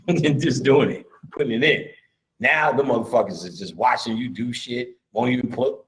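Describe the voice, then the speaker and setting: A man giving a casual, profane live lecture, blunt and swaggering, breaking into laughs and shouts as he gets worked up. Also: mid-range voice, animated, normal speed.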